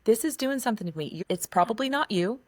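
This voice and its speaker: A woman's voice: fairly high pitch, lively intonation, fast, dry recording. A woman hosting a podcast interview, affirming her guest and asking questions. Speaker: podcast host.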